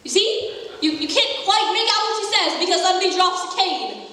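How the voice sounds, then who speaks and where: A woman's voice: very high-pitched, animated, fairly quick, pushed and bright, exaggerated voice. A teenage girl acting a wistful grown man who confides in the audience and rambles on. She is on a school stage in a school musical. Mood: confiding. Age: teens. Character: wistful adult male theatre fan, talkative narrator. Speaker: student actor. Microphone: far room mic. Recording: distant, very echoey school hall.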